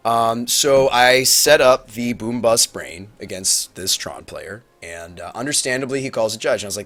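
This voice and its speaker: A man telling a tournament story on a livestream, rambling and animated, acting out quotes with big swings in his voice. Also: mid-range voice, brisk, faint music behind. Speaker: Magic player recapping a tournament on a livestream. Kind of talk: casual storytelling to a stream audience. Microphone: webcam mic.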